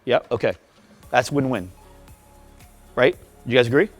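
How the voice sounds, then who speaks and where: A man's voice: medium pitch, animated, moderate pace, faint music behind. A man speaking at a live workshop, firing rhetorical questions and drilling the audience in a punchy, repetitive way. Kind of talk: live seminar talk to an audience. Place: event room before a live audience.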